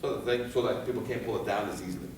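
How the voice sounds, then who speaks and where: A man giving a fire safety seminar, animated and firing rhetorical questions at his audience, recorded in a seminar room. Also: fairly low pitch, rapid-fire, a little hiss or hum. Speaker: fire escape safety instructor. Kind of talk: seminar lecture. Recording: echoey hall from far off.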